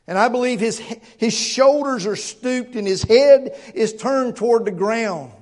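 High-voiced man preaching an earnest sermon. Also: unhurried, darkish tone. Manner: earnest and emphatic, with stammered word repeats and rhetorical questions. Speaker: pastor.

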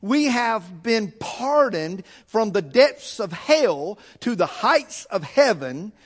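A high-pitched man preaches in a church. He hammers his points home through repetition, and his voice rises and swells as the sermon builds. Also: very animated, slow. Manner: fervent, repetitive preaching with rising emphasis. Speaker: pastor. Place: church sanctuary.

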